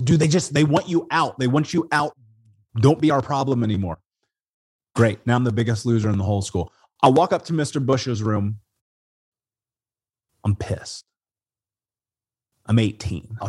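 A man from Indiana, an interview guest, telling his life story in a casual, animated way, swearing and calling people "dude" and "man". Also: medium pitch, breathy edge, dry recording. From Indiana, USA.

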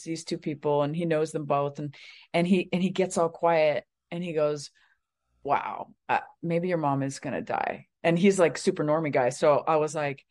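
A psychic medium in middle age, appearing as a guest on an interview show, recounts a personal story in a casual manner. Her voice is low with a darkish tone. She rambles with frequent fillers and tangents.

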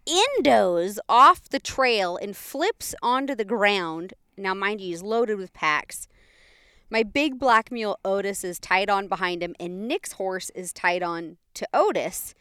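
Laughing storyteller woman, smooth dry voice. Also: mid-range voice, slow, dry recording. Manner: animated, laughs often while telling stories. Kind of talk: casual storytelling chat.

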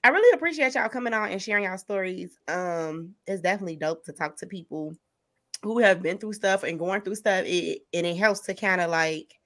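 In a mid-range voice at a fairly quick pace, a woman hosting a podcast chats casually and tells lively stories, laughing often along the way.

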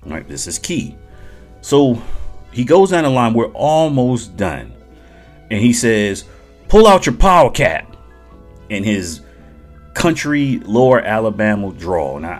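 A middle-aged man, a retired Army veteran, telling a podcast story casually and chuckling as he talks to listeners. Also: deep voice. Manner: conversational, addresses listeners directly, chuckles often.

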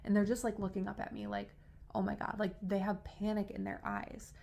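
A young woman co-hosting a casual podcast, recounting a personal story with animated energy. Her voice has a gravelly, fry-tinged texture. Her speech is loose and peppered with "like.". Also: medium pitch, a little fast. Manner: animated, frequent "like" fillers, rising into excited retelling. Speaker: podcast co-host.

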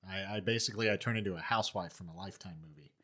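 A man's voice: low-pitched, racing, fairly bright tone. A man co-hosting a casual podcast, dry and laid-back. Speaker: podcast co-host.

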